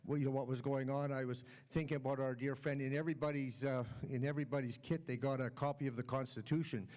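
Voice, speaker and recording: A man hosting a conference session, thanking the speaker and addressing the audience in loose, halting remarks. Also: medium pitch, steady tone, a little mellow. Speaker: host.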